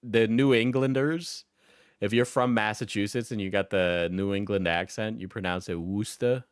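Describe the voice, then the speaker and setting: A man's voice: on the low side, fairly even intonation, normal speed, clean tone, no echo, clean studio sound. A man in his twenties, a live streamer, chatting casually and telling rambling stories with lots of slang and swearing.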